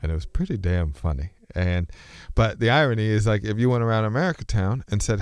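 A man with a very low voice thinks out loud in a loose, meandering monologue. He stops and restarts his sentences and sometimes drifts between registers of speech. The recording is close and dry, with no room sound. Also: lively intonation, quick pace, smooth, no echo. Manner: rambling, musing, self-interrupting. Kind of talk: casual philosophical monologue.

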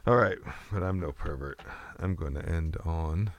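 A man's voice: deep voice, moderate pace, noisy background. A man doing a loose, silly comedic freestyle rap and casual chat, full of goofy wordplay. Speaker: comedic rapper.

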